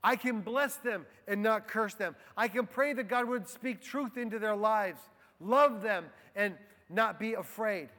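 Pastor, male, high voice, slow deliberate sermon delivery, long hall reverb. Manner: slow and deliberate, dropping soft on key phrases. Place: church.

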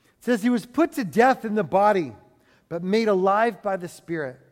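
A man's voice: high voice, lively intonation, moderate pace. Guy pastor preaching, punchy and chatty, lots of questions to the crowd, big echoey church sound. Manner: emphatic, conversational preaching with rhetorical questions. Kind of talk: sermon. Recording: long reverb of a large hall.

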